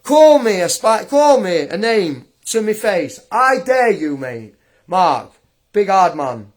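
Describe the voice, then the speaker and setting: A man's voice: high voice, sing-song, slow pace. A young man livestreaming an angry rant, taunting and mocking a critic with frequent laughs.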